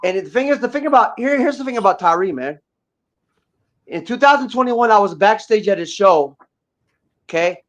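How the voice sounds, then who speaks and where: A man's voice: high-pitched, lively intonation, normal speed, long pauses, fairly bright tone. A man guest on a livestream, ranting profanely and combatively with lots of repeated words. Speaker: guest rapper. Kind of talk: livestream rant. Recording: dull lo-fi audio.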